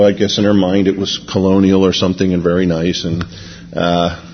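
A man's voice: fairly low pitch, lo-fi sound, slight background noise. A man preaching by telling a rambling personal story, casual and full of "you know" and restarts. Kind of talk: anecdotal sermon storytelling.

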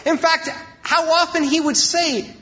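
High-voiced man preaching, dull lo-fi sound. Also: steady tone, unhurried, sharp tone. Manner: emphatic preaching with repeated phrases. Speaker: pastor. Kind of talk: sermon.

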